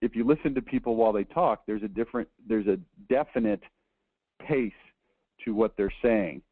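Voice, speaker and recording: A man's voice: lowish voice, normal speed, dry recording. A man giving a conversational slide lecture, tagging his points with "okay?" and restarting words as he talks. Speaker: presenter reviewing a book. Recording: dry, phone-like lo-fi audio.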